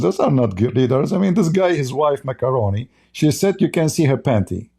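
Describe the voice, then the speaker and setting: Hosting a live stream, this man reads viewer chat aloud and mocks it bluntly, heated and speaking broken English as a non-native speaker. His mid-range voice is animated, brisk, creaky and husky, with a dark tone.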